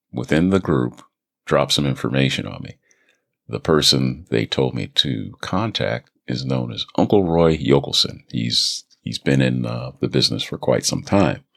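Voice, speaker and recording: A man who hosts a voice acting podcast, talking in a relaxed, rambling way with small restarts. He talks on a studio microphone in a home booth. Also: rumbling low, vocal fry, dry recording. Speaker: voice actor and podcast host. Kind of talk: casual solo podcast chat.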